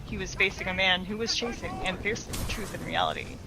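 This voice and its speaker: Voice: medium pitch, wildly swooping pitch, quick pace, poor audio. A let's play commentator reading fan fiction aloud in a casual way, stumbling and correcting themselves now and then. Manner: reads with stumbles and self-corrections.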